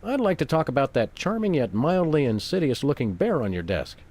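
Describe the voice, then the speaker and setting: A man's voice: fairly high pitch, big pitch swings, a little fast, darkish tone. A man voicing a formal, verbose dog detective in a video game, dry and polite.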